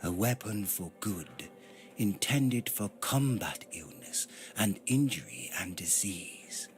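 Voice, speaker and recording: A man reading aloud, voicing an ancient, wise female unicorn in a deep, soft, slow voice. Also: sing-song, exaggerated voice. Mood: gentle. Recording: music behind.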